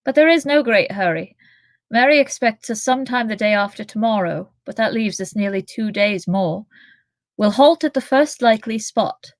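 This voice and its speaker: A woman reading aloud, voicing a gentle young male hobbit who speaks quietly and reflectively. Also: fairly high pitch, expressive, moderate pace, no room sound. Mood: calm.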